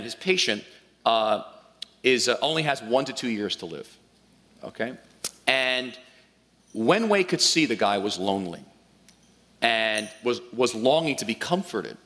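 A man preaching a sermon as pastor, telling a story in an animated way with frequent restarts. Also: mid-range voice. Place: large church hall. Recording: long hall reverb.

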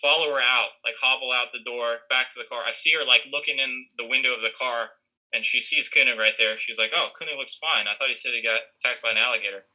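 A man's voice: medium pitch, fast talker, pushed and bright, poor audio. A young man casually telling a rambling story, full of fillers and restarts, acting out what others said. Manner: rambling, many fillers and restarts, acts out quoted lines.

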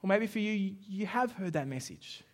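Here a pastor with a voice that sits high speaks at a normal speed. His sermon is full of animated storytelling, with dialogue he performs and shouts out.

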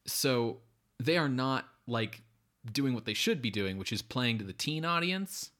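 A man's voice: medium pitch, lively intonation, measured pace, fairly bright tone. Male podcast co-host, casual, rambling and sardonic, mid-range voice. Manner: rambling, filler-heavy, sardonic. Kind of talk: casual movie review chat.

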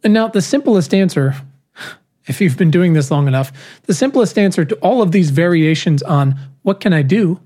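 A speaker giving a prepared keynote talk, with measured, rhetorical phrasing and emphatic pauses. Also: medium pitch, expressive, dark tone.

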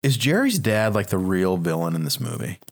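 A man's voice: deep voice, sing-song, brisk. A man co-hosting a podcast in casual chat, teasing and wry. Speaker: podcast co-host. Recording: noisy track with clicks.

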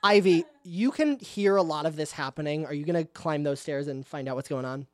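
A man's voice: a little high, brisk, a little mellow, no echo. Man, game master, tabletop narration, chatty, casual, dry close mic.

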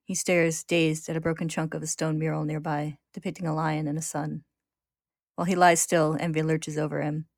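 A woman hosting, narrating a story recap in a steady, descriptive way. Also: sits low, fairly quick, vocal fry, no echo, clean studio sound.

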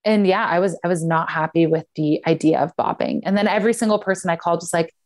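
A woman's voice: on the low side, quick pace, hardly any pauses. A young woman chatting casually on a podcast, telling a personal story with a lot of "like" fillers. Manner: candid storytelling, frequent "like" fillers. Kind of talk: casual chat.

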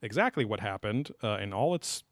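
A man's voice: fairly low pitch, lively intonation, brisk, no room sound. A man co-hosting a casual podcast, rambling and joking with many fillers and restarts. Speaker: podcast co-host.

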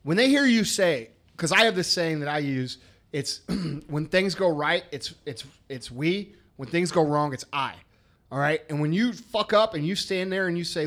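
A man's voice: on the high side, lively intonation, moderate pace, fairly bright tone. A man co-hosting a business podcast, talking bluntly and emphatically with lots of swearing. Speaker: podcast co-host. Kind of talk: casual business podcast chat.

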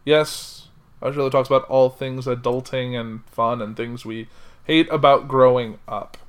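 A man's voice: medium pitch, fairly even intonation, normal speed, clean tone. A young adult man co-hosting a casual chat podcast, slipping into a mock news-anchor delivery. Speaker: podcast co-host.

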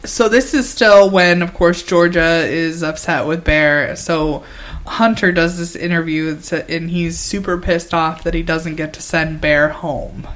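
A woman co-hosting a podcast, recapping a show in casual chat, halting and giggly, thinking aloud as she goes. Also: fairly low pitch, fairly even intonation. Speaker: podcast co-host.

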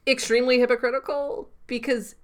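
A woman co-hosting a podcast, casually recapping a TV episode with lots of fillers and quick asides. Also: on the high side, level tone. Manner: chatty recap with frequent fillers and laughs. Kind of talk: casual chat.

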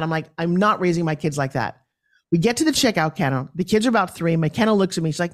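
A woman's voice: on the low side, animated, fast. A middle-aged woman, a podcast guest, telling parenting stories and acting out the voices of her children and others. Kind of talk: conversational storytelling.

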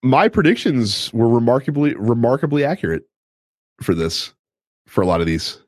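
A man's voice: medium pitch, sing-song, moderate pace, no room sound, studio quality. A man hosting a podcast in casual chat, acting out quotes and swearing freely. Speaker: podcast host.

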